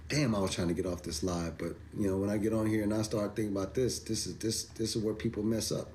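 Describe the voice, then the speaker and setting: Male streamer with a lowish voice, emphatic and repetitive, walks through charts over a faint noise floor. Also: steady tone, quick pace, a little mellow. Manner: emphatic, repeats himself, rising to incredulous exclamations. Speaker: crypto commentator. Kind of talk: livestream chart commentary.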